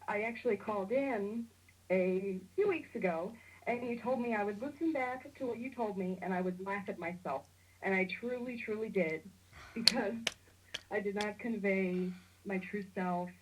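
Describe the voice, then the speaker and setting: A woman's voice: medium pitch, moderate pace, slightly rough, poor audio. A woman calls in to a spiritual talk radio show, speaking in an ordinary mid-range voice. She is earnest and heartfelt, often breaking into nervous little laughs. She speaks openly and sincerely. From Missouri, USA. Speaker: caller. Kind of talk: emotional call-in chat.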